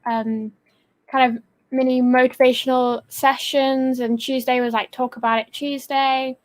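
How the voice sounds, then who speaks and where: High-voiced young woman, rambling casually. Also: flat delivery, unhurried. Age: young adult. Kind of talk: casual livestream chat.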